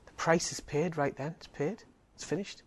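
A man's voice: a little high, moderate pace. A man giving a sermon, earnest and emphatic, driving points home with repeated phrases. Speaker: preacher.

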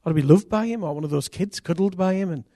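A man preaching a sermon as pastor, earnest and intimate, with sudden loud rises. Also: high voice, fast talker, no room sound, clean studio sound.

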